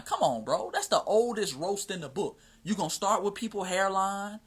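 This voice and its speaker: A man's voice: high voice, big pitch swings, moderate pace, hardly any pauses, a bit bright, husky. An American man hosting a casual livestream, talking emphatically in slangy speech and often checking in with his listeners. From United States. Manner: emphatic and slangy, often asks "you see what I'm saying". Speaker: livestream host. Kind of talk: casual livestream talk answering questions.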